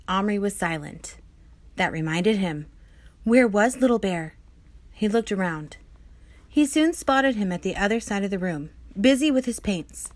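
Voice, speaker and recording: A woman reading a children's novel aloud in a clear, expressive storytelling manner. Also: medium pitch, a little slow. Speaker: reader.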